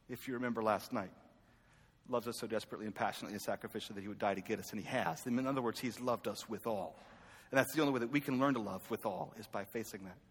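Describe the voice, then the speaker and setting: Guy preaching in a big echoey hall, chatty, jokes at himself, goes from loud to quiet. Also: mid-range voice, slightly rough. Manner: conversational, self-deprecating, swings from loud calls to quiet asides. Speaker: pastor. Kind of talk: sermon.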